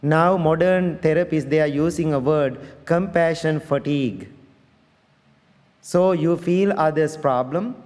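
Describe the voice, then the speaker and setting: A man's voice: on the high side, unhurried, a little mellow, big-room sound. A middle-aged man, a Buddhist monk, giving a dharma talk in earnest, direct English with non-native phrasing, checking that listeners follow. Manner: conversational teaching, asks listeners to check understanding. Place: large congregation hall.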